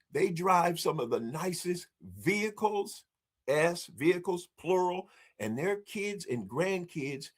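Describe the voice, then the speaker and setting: A man's voice: a little high, a bit bright, husky. A man speaking as a marketing strategist guest in a podcast interview, telling stories emphatically, acting out bits of dialogue and speaking straight to the audience. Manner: emphatic, acts out dialogue, addresses the audience directly. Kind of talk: energetic podcast interview storytelling.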